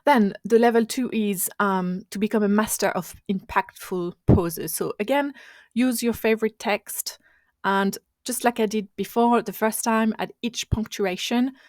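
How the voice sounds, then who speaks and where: A woman's voice: medium pitch, measured pace, darkish tone, no room sound. A woman hosting her own coaching podcast, speaking English as a second language, with an instructive, conversational manner that often restarts mid-phrase. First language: not English. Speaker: podcast host and marketing coach. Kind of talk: solo coaching podcast talk.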